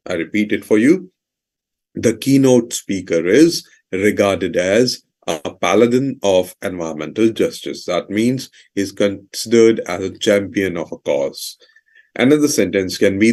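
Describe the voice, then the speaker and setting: In a vocabulary lesson, a man with a fairly low pitch and darkish tone goes over each word's meaning, restating definitions and sample sentences while dropping in fillers such as "you know."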